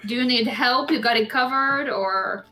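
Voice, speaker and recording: A woman's voice: on the high side, normal speed, pushed and bright, faint music behind. A woman playing a tabletop game, asking curious and direct questions. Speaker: player. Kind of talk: tabletop role-play chat.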